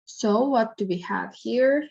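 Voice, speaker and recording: Woman math teacher, unhurried and halting, thinking aloud, on a dull lo-fi recording. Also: a little high, vocal fry, a little mellow, breathy edge. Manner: hesitant, thinking aloud with fillers. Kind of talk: slow worked-example lesson.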